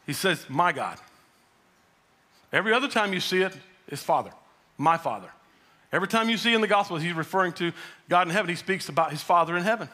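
A male pastor preaching a sermon in a high, bright voice. He pushes his delivery up and then lets it fall low and quiet for emphasis. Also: expressive, fast talker, pauses often. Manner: preaching, rising to shouted quotes then dropping low.

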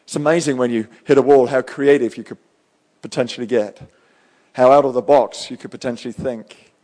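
A male pastor giving a live sermon, fervent and swinging between loud and hushed. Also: mid-range voice, fairly even intonation, brisk.

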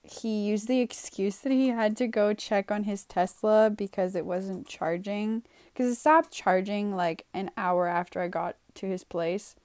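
A woman's voice: medium pitch, unhurried, hardly any pauses, darkish tone, dry recording. Young woman rambling through a storytime. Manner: rambling, full of "like" and "you know"; exasperated, swearing for emphasis. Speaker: vlogger. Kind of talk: casual storytime.

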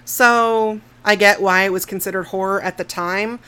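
A woman's voice: medium pitch, steady tone, moderate pace, bright, forceful tone, clear, resonant tone. A woman co-hosting a casual movie review podcast, talking frankly with plenty of swearing, laughing often and sometimes trailing off mid-thought. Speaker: podcast co-host.

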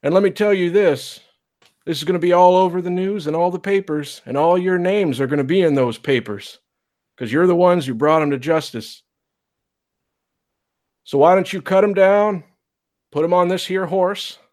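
A commanding old lawman with a folksy, drawling manner, put on by a man. He lays down the law in a tabletop western game, his voice raised above the player's own natural pitch. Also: moderate pace, pauses often, darkish tone, natural voice. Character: gruff old male US marshal, commanding.

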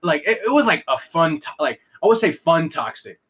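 A man's voice: fairly high pitch, sing-song, a little fast, fairly bright tone, slightly rough. A young man telling a story on a casual podcast, rambling and profane, with lots of filler words and restarts. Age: young adult.

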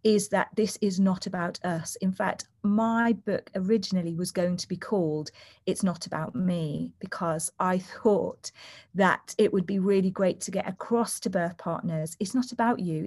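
A woman's voice: on the low side, darkish tone. A woman who works as a doula and author, speaking as a guest in a conversational interview, earnest and storytelling. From United Kingdom. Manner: earnest, acts out quoted voices while telling stories.

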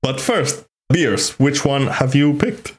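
A young man co-hosting a casual podcast, playful and quick to laugh. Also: medium pitch, lively intonation. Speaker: podcast co-host. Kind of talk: casual chat.

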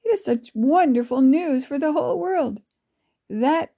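A woman podcast storyteller reading a children's story aloud in a gentle, affectionate way. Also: high voice, expressive, a little slow, highs cut off. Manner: gentle, affectionate, laughs softly.

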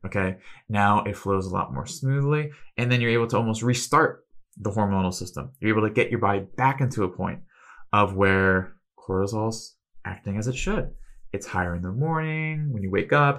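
A man's voice: lowish voice, a bit bright. A man hosting a casual health question-and-answer show, explaining in a chatty way with self-deprecating asides. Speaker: host.

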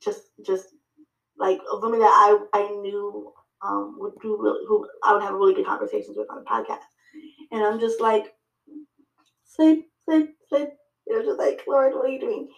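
Animated woman telling a story, roomy echo. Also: mid-range voice, creaky. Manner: animated storyteller, acts out her own dialogue; halting, with many fillers and restarts. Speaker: podcast guest and podcaster. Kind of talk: casual interview chat.

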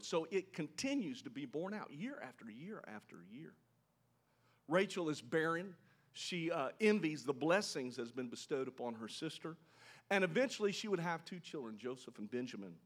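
A man preaching a sermon, telling a scripture story with animated delivery and asking his listeners questions. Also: fairly high pitch, moderate pace. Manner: animated storytelling, voices quoted characters, asks the congregation questions. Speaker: pastor.

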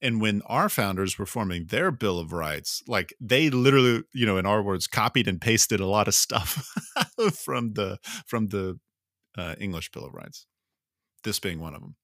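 A man's voice: fairly low pitch, normal speed, no room sound, studio quality. A man co-hosting a podcast, chatting casually and reading an old legal text aloud, breaking into laughs. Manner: animated, laughs often while reading. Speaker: podcast co-host.

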